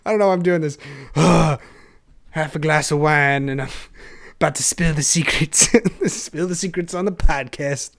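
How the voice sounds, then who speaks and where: Rambling, energetic young man. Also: on the high side, measured pace, gravelly. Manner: energetic, self-deprecating, laughs often. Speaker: solo podcast host. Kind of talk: rambling casual monologue.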